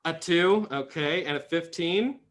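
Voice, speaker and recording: Rambling young game master, slightly high. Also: male voice, unhurried, fairly bright tone. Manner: rambling, many fillers and restarts. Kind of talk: narrating a tabletop game.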